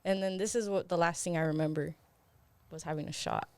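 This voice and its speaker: A woman's voice: lowish voice, fairly even intonation, fairly quick, no room sound. A young woman co-hosting a podcast who tells a story in loose, laughing chat, swearing freely and leaning on "like". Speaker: podcast co-host. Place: podcast studio.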